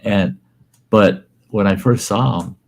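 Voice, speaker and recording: Host, male, middle-aged, very deep voice, animated storyteller. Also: slow pace, creaky. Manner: animated storyteller, laughs through lines, quotes others in a raised voice. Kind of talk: casual storytelling chat.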